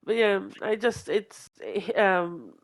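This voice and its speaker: A woman's voice: mid-range voice, very animated, slow pace. A woman co-hosting a podcast in casual fan chat, rambling with many fillers and restarts and laughing often. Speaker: podcast co-host.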